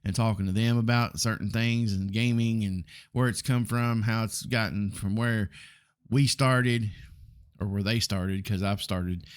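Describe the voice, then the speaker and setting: A forty-something man with a Southern drawl talks loosely through a solo podcast, blunt and a little rambling, filling pauses with ums. His voice sits on the low side. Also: steady tone, smooth. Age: 40s. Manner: rambling, blunt, frequent ums and mild swearing. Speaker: podcast host. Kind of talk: casual solo podcast talk.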